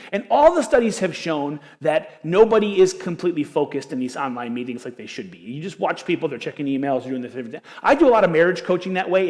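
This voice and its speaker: A male pastor gives a sermon and tells his stories in an animated, chatty way. His voice sits a touch high for a man. The sound carries a long reverb from a church hall. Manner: animated, conversational storytelling. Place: church auditorium.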